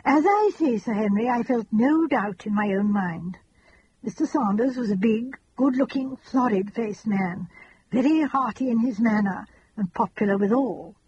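A woman reading an audiobook, voicing a gentle, fussy elderly spinster who talks in a chatty, earnest, rambling, old-fashioned way. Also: a little high, highs cut off, slight background noise, natural voice.

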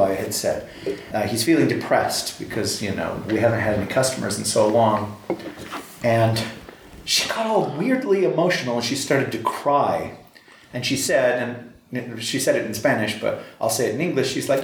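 A man in casual chat who tells stories in an animated way, stammering and restarting his sentences often. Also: lowish voice, moderate pace. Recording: echoey room, faint background noise.

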